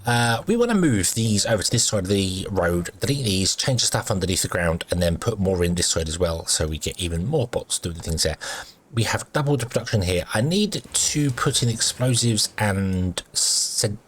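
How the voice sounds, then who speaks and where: A man's voice: deep voice, big pitch swings, fairly quick, slightly rough. A man giving rambling, casual commentary while playing a game, full of ums and uhs and self-corrections. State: has the hiccups. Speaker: gaming video host.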